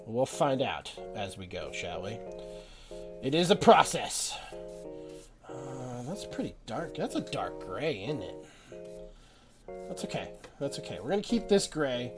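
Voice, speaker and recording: A man's voice: medium pitch, big pitch swings, a little slow, long pauses, music in the background. A young man hosting a live painting stream, rambling and self-doubting as he chats with viewers. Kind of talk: casual live-stream chat while painting.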